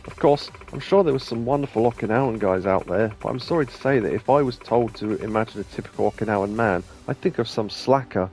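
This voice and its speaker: A man's voice: on the low side, quick pace, few pauses, a little mellow, soft background music, close to an everyday voice. A man reading a chatty young club hostess. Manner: plain reading of on-screen dialogue.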